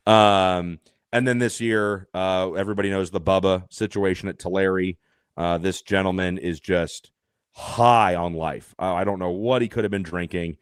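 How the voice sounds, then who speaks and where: A man guesting on a podcast, telling an animated, self-deprecating story with lots of fillers and restarts. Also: sits low, moderate pace, clear, resonant tone, no echo, studio quality. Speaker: podcast guest, race announcer.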